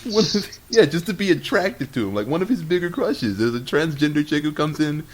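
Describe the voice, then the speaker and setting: A man's voice: a little high, lively intonation, a little fast. A young man from Texas on a casual podcast, rambling through a story with lots of laughing and quoted dialogue. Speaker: podcast co-host. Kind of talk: casual chat. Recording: amateur podcast with audible noise.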